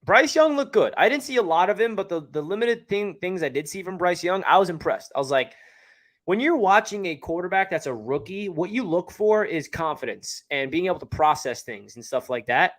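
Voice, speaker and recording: A livestream host with a New York area accent chats casually, reading viewer comments aloud and answering them. His voice sits high, expressive and a little fast.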